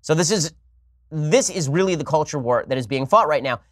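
Male political host, rapid-fire argumentative monologue, slightly high voice, dry close sound. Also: animated, no echo. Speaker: political talk show host.

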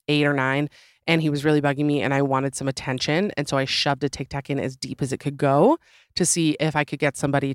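A woman's voice: sits low, no echo, clean studio sound. A woman hosting a podcast with a sore throat, reading listener stories in a chatty, rambling way with joking asides. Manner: chatty, rambling asides and self-deprecating jokes. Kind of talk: casual podcast chat and story reading.

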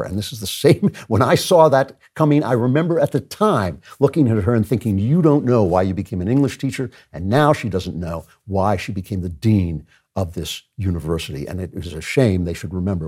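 A man hosting his own show, delivering an earnest opinion monologue with personal asides and repeated phrases. His pitch rises sharply when he makes a point. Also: warm tone, slightly rough. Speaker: show host.

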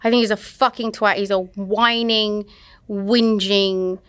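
A woman's voice: medium pitch, steady tone, takes it slowly, a bit bright, clean tone. A woman with a British accent in casual chat, blunt, profane and scornful.

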